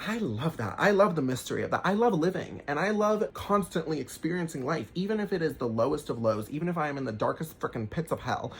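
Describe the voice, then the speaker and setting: A young man giving an emphatic motivational talk to camera, swearing casually and turning animated when he acts out what people say. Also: on the high side, vocal fry, slight background noise. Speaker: self-help vlogger.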